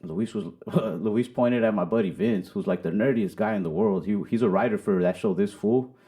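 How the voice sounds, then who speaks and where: A man's voice: fairly low pitch, normal speed, creaky, warm tone. A young man, a comedian guest on a podcast, telling stories in loose casual talk full of "like" and swearing. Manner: loose, profane storytelling with many "like" fillers. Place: podcast studio. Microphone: studio microphone.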